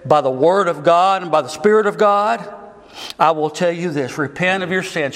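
A man preaching a sermon, impassioned and swinging between loud and soft. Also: on the high side, normal speed. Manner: impassioned, rising and falling delivery. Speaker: pastor. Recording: long hall reverb.

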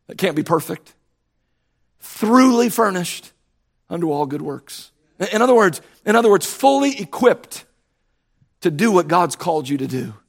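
A man with a high voice preaches to a congregation in a church, pressing his points with repetition. He climbs to near-shouts and then falls to low, hushed lines. His voice is wearing slightly hoarse. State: voice starting to go hoarse. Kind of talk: sermon. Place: church sanctuary.

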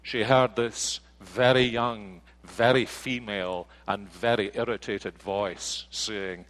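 A man's voice: on the low side, fairly even intonation, slow pace, few pauses, a bit bright, rough recording. A man preaching a sermon, earnest, with rhetorical questions and homely anecdotes. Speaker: pastor.

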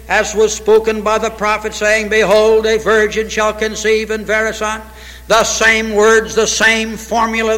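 A man preaching a sermon, reading scripture aloud and pressing each point with emphasis until he breaks into shouts. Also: high voice. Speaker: pastor. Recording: echoey hall with long reverb.

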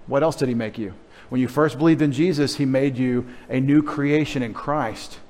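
A man's voice: mid-range voice, moderate pace, darkish tone. Playful middle-aged man preaching. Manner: playful, teasing, addressing children in the congregation. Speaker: pastor. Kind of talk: sermon.

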